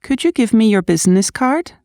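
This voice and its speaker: Female reader for language drills, clear and careful, dry close sound. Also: on the high side, lively intonation, brisk, a little mellow, no room sound. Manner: clear, careful delivery of polite requests. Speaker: reader of practice sentences. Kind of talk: reading English practice sentences.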